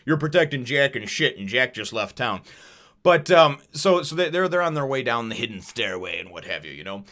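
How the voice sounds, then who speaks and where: Casual male reviewer, loose and profane, medium pitch, plenty of fillers. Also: very animated, fairly quick, bright, forceful tone. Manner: rambling, profane, many fillers and laughs. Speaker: manga reviewer. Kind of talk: casual chat.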